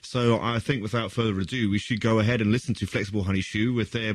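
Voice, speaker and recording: A man's voice: fairly low pitch, steady tone, quick pace, dry recording. A man co-hosting a casual radio music show who rambles and hesitates before introducing a song. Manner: rambling, hesitant, with fillers and restarts.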